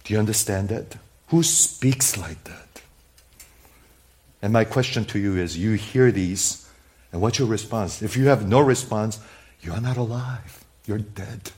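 A man preaching a sermon in a church, talking straight to the congregation and swinging from loud emphasis to hushed, near-whispered asides. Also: fairly low pitch, a little slow. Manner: conversational, speaks straight to the congregation with questions. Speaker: pastor.

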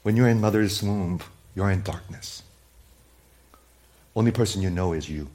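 Pastor, male, low-pitched, preaches a church sermon with big dynamic swings, questions the congregation directly. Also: normal speed. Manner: swings from loud emphasis to hushed, near-whispered asides; conversational, speaks straight to the congregation with questions.

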